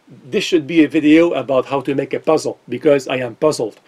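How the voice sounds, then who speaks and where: A man with a French accent giving a casual, exasperated tech-vlog commentary, thinking out loud in disbelief. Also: mid-range voice, fairly quick. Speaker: tech vlogger.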